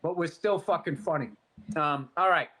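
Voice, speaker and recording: A high-pitched man, swapping stories on a podcast. He talks in an animated, swearing way and laughs as he goes. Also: normal speed. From Boston, USA. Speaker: podcast co-host. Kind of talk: casual profane storytelling chat.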